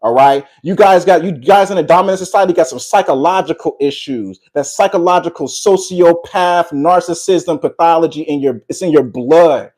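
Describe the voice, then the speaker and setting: Male commentary vlogger, slightly high-pitched, heated and sermon-like, mixing ad-lib with read script. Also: moderate pace, few pauses, darkish tone. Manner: preachy, combative, repeats "all right". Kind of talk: confrontational monologue mixed with reading prepared text.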